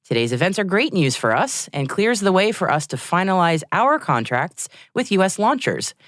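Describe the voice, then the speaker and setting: Lively woman reading space news. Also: on the low side, normal speed, no echo, clean studio sound. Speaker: podcast co-host.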